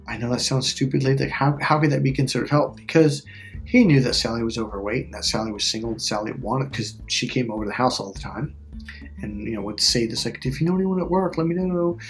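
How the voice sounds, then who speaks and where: A man's voice: medium pitch, a little fast, soft background music. A middle-aged man talking casually as a relationship coach, emphatic and repetitive, swearing freely. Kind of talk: casual talk to camera.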